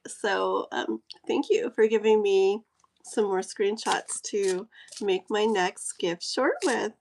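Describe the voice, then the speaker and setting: A woman hosting a casual live stream and pulling cards, giggly, gushing and easily excited. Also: medium pitch, creaky. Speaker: live-stream host and card reader.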